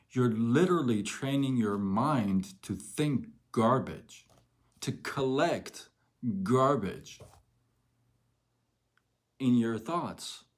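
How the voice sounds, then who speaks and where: A man's voice: medium pitch, a little mellow. A man hosting a live motivational talk as a network marketing coach, emphatic and repeating lines for effect.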